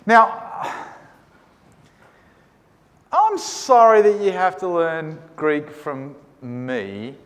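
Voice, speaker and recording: An Australian man with a fairly high, very animated voice teaches a Greek class slowly, wearing a mask. He keeps things chatty and jokey, repeatedly asking the students "right?", and the lecture room echoes like a hall.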